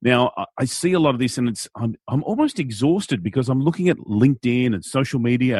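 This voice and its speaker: A man's voice: medium pitch, a little fast, few pauses, breathy edge, no echo, studio quality. An Australian man, an event MC, talking animatedly and playfully in an interview. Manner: animated, playful, acts out quotes in silly voices. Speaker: guest, event MC. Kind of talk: conversational interview.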